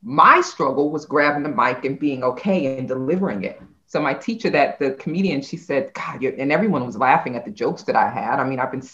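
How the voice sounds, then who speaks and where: A woman, a company CEO, telling a story in a casual interview, animated and laughing often. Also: very deep voice, brisk, few pauses, muffled recording.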